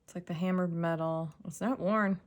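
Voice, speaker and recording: A woman casually narrating a jewelry unboxing, soft-spoken and sometimes dropping to a whisper as she examines pieces. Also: on the low side, steady tone, moderate pace, highs cut off. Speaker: jewelry reseller.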